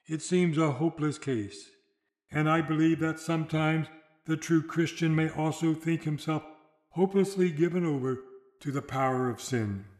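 A man delivering a sermon in a solemn, measured way, slowing down for dramatic quotations. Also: fairly high pitch, steady tone, darkish tone, roomy sound. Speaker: preacher.

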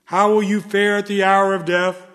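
A man's voice: high-pitched, little pitch movement, a bit bright. Solemn man preaching in a reverberant hall. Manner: solemn, measured, rises in fervor. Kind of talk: sermon reading.

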